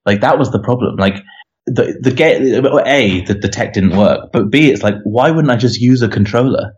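A man's voice: mid-range voice, moderate pace, highs cut off. A man being interviewed as a game developer, talking casually and rambling with lots of "you know" and restarts.

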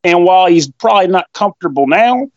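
A man with a high, very lively voice teases his co-host on a podcast, swearing and breaking into laughter easily. His speech swings up and down with animated energy. The audio is dry and a little dull, as if from a modest call mic. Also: quick pace, dry recording. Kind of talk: casual podcast banter.

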